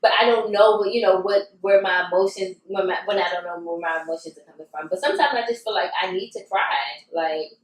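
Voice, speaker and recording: A woman co-hosting a podcast in casual chat, talking candidly and reflectively at an unhurried pace. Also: medium pitch. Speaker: podcast co-host. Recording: roomy sound, mic at a distance.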